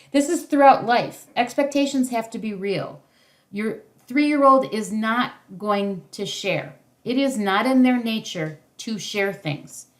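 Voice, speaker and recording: A middle-aged woman leading a parenting workshop over a video call, teaching casually and acting out short parent and child lines. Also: mid-range voice. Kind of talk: casual instructional talk.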